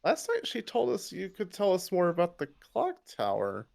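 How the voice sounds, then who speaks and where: A man's voice: high voice, wildly swooping pitch, normal speed, vocal fry, a little mellow. Man player asking questions hesitantly. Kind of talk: casual tabletop play.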